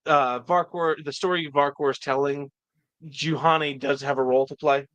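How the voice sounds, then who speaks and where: A man's voice: fairly high pitch, steady tone, moderate pace, fairly bright tone, no echo, muffled recording. A man guest in a casual chat, eagerly explaining and tripping over his words. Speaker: fan editor, guest.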